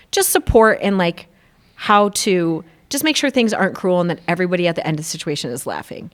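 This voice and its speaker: A middle-aged woman co-hosts a podcast in casual chat. She tells stories with animation, slips into quoted voices, and laughs easily along the way. Her pitch sits in the middle for a woman. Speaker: podcast co-host.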